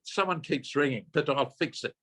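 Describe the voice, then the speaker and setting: A man's voice: a little high, moderate pace, a bit bright, slightly rough. An older man, a minister telling a personal story in an earnest way, often repeating and correcting himself. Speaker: minister giving a talk.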